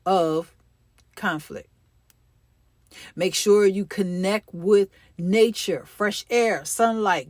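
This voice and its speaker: A woman's voice: medium pitch, no echo. Encouraging woman podcast host. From United States. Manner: emphatic, encouraging, repeats key phrases. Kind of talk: faith-based motivational talk.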